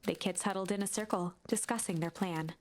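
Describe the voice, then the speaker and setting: A woman narrating a storybook game in a hushed, measured way that drops to a whisper at tense moments. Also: medium pitch, fairly even intonation. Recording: game narration over loud music.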